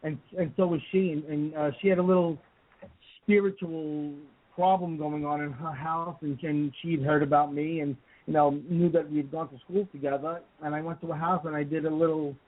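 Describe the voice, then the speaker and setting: Casual radio host guy, rambly story, lots of um and you know, kinda high, tinny phone sound. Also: level tone, moderate pace, no echo. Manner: rambling storyteller, many fillers and restarts. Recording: dry, tinny phone-like line.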